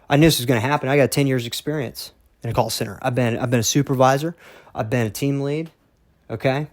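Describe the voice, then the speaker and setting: A man's voice: mid-range voice, no room sound. Blunt, emphatic man telling his story. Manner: emphatic, keeps asking "okay?", repeats himself; blunt, swears now and then. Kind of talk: casual monologue.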